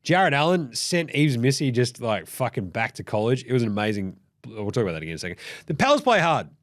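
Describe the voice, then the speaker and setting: A man's voice: mid-range voice, sing-song, fast talker. A man with an Australian accent hosting a basketball recap show, swearing freely and acting out what the players might have said. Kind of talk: casual profane game recap.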